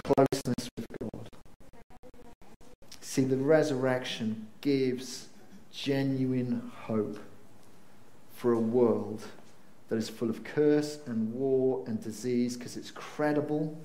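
A man preaching a lively sermon, swinging between excited bursts and hushed, slowed moments. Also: mid-range voice. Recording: roomy echo.

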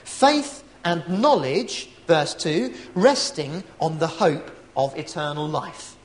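A man's voice: on the high side, animated, takes it slowly. Guy preaching, voice rises and falls a lot, asks questions back at the room. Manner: reflective, with rhetorical tag questions and restarts. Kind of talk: evening sermon.

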